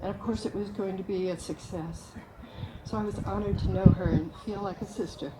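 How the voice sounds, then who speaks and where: A woman telling a lively personal story at a memorial gathering, acting out the people she quotes. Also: mid-range voice, a little fast, very noisy. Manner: animated, acts out quoted voices. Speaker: memorial speaker.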